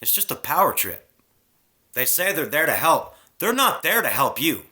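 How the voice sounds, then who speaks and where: A man's voice: on the high side, very animated, normal speed, pushed and bright. Man ranting, heated and preachy. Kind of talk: casual spiritual rant to camera.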